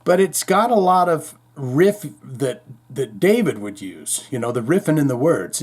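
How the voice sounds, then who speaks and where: A man's voice: mid-range voice, big pitch swings, unhurried, few pauses, husky. A man hosting a heavy metal news podcast, rambling through the stories with irreverent, profane asides. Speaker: podcast host.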